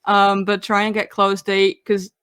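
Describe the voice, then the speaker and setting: A woman's voice: mid-range voice, completely flat delivery, unhurried, a bit bright, smooth, dry recording, studio quality. A woman playing a tabletop game, hesitant and thinking aloud. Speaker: player.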